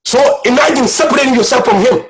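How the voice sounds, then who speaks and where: A man's voice: very high-pitched, fast talker, rough recording. A man preaching a sermon as a guest speaker, impassioned and repetitive, at times near tears. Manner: impassioned, repetitive, rising to shouts.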